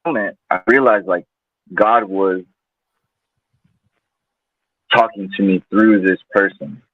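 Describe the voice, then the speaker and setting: Guy on a phone-like line telling his story loose and rambly, lowish voice. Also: fairly even intonation, normal speed, no room sound. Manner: casual, loose, many fillers. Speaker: guest. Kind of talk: personal storytelling in conversation. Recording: tinny phone-like line, dry.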